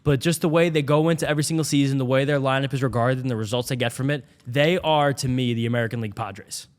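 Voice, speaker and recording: A young man talks fast and rambles through a casual sports podcast chat. His pitch sits in the middle, and he piles one thought on top of the next. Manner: fast, rambling, animated baseball talk. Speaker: podcast co-host.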